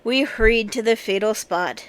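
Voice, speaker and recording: A woman reading a classic children's novel aloud in a measured storytelling manner. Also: on the high side, a bit bright, clean tone. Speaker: audiobook reader.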